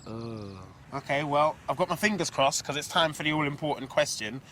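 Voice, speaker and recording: A woman's voice: deep voice, lively intonation, normal speed, a bit bright, a little hiss or hum. A woman presenting a children's game show, upbeat and teasing as she explains the rules to the kids. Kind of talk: lively TV presenting. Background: music.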